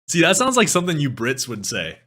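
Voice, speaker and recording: Young Canadian guy, live-stream host, bright forceful voice, lively swings, laughs a lot. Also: a little high, brisk, slight background noise. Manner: animated, laughs often, swears casually. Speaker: music streamer. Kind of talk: casual live-stream chat.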